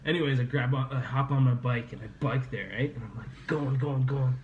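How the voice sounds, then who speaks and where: A man's voice: medium pitch, fairly even intonation, fairly quick, darkish tone, echoey room, slight background noise. Casual young man telling a story, lo-fi audio. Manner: rambling, laughing, swearing often. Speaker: podcast host. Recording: slightly dull lo-fi podcast audio, faint ambience.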